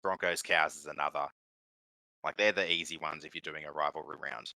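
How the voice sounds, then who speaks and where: A man's voice: a bass voice, steady tone, brisk, bright, forceful tone, no echo, low-quality recording. A man co-hosting a casual sports podcast, teasing and blunt in a wry way. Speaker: podcast co-host. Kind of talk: casual sports chat while watching a game.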